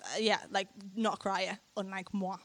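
A young adult woman, telling a personal testimony to a church audience in an animated way, often laughing. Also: mid-range voice, moderate pace. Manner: animated storytelling, frequent laughter, acts out quoted lines. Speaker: speaker sharing a testimony.

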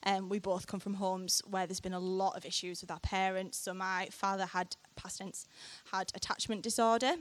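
A young adult woman, telling a personal testimony to a church audience in an animated way, often laughing. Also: medium pitch, moderate pace, few pauses. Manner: animated storytelling, frequent laughter, acts out quoted lines. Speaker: speaker sharing a testimony.

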